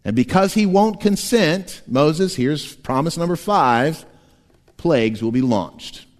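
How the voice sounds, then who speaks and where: A man preaching a sermon as pastor, animated and playful, often laughing and slipping into quick voices. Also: fairly high pitch. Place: church sanctuary. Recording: long church hall reverb.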